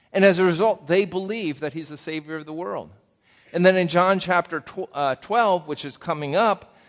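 A man's voice: high voice, fairly bright tone. A man in a somewhat raised register preaches a conversational Bible teaching. He keeps it folksy and turns to his listeners with direct questions, and his words ring out with the long reverb of a big hall.

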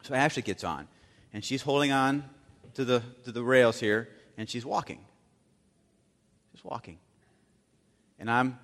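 A man preaching a sermon, telling a story dramatically and swinging from loud bursts to hushed asides. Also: mid-range voice, unhurried, long pauses. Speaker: pastor. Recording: long hall reverb.

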